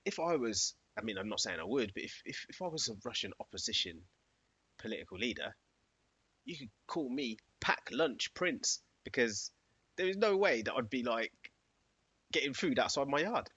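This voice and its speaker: A man's voice: medium pitch, very animated, normal speed, fairly bright tone, slightly rough, dry recording. A man co-hosting a podcast in casual comedic banter, rambling through stories and chuckling often. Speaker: podcast co-host. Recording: dry, muffled lo-fi recording.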